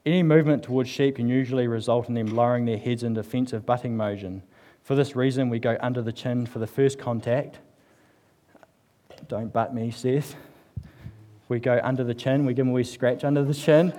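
A church speaker gives a casual, humorous sermon to a live congregation during a service, his medium-pitched voice fairly even, a little mellow, and at normal speed, with slight hiss or hum. He chats and jokes with many fillers and reads passages aloud.

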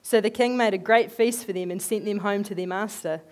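A woman giving a conversational sermon, telling animated, chatty stories in an everyday voice. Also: mid-range voice, a little fast. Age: adult, working as a head teacher. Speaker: lay speaker giving a talk.

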